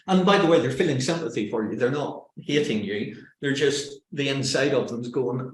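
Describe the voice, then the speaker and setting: A man from Northern Ireland with a Northern Irish accent presents a public speaking webinar in a lively, joking way, full of self-mocking stories. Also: medium pitch, fairly quick, few pauses, a little hiss or hum. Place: indoors, on a video call. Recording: roomy echo.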